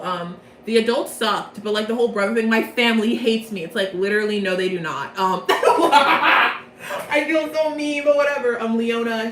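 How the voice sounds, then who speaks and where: A woman's voice: mid-range voice, slight background noise. A woman giving a casual, rambling recap of a story's plot from memory, cutting in on herself with corrections. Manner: rambling, chatty, self-interrupting. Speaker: vlogger. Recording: echoey room, mic far off.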